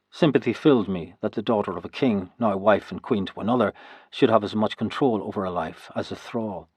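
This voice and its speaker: A man narrating historical fiction in the first person, in a steady, even storytelling manner. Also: on the low side, a little fast, breathy edge, no echo. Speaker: audiobook narrator.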